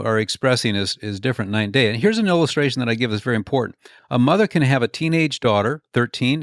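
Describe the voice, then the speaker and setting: A man's voice: medium pitch, no echo. Earnest male guest speaker, dry sound. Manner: earnest, explains through stories and acted-out quotes; repeats and restarts words as he builds a point. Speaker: author and speaker, interview guest. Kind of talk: conversational interview answers.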